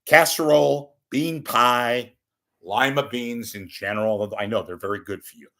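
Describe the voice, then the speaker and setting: An older man ranting at home in a rambling, profane, wisecracking monologue, swinging between loud bursts and muttered asides. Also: mid-range voice, steady tone, a little slow. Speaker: media commentator. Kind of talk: off-the-cuff monologue.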